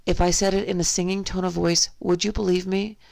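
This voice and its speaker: A hoarse woman with a cold giving a monologue full of insistent rhetorical questions. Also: on the low side, flat delivery, a little fast, a little mellow, no room sound. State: hoarse, has a cold and laryngitis. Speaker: vlogger. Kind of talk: spoken monologue to camera.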